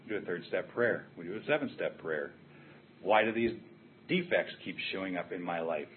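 Older guy with a lowish voice sharing his recovery story, blunt and candid, sounds like it's over a phone line. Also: moderate pace. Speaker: recovery meeting speaker. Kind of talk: personal recovery share. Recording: tinny phone-like sound with faint hiss.

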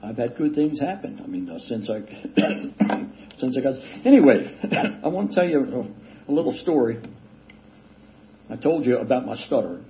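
An older man casually telling a self-deprecating recovery story, rambling with halting restarts and chuckles. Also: medium pitch, very animated. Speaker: speaker sharing a recovery story. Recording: dull lo-fi recording with faint hiss.

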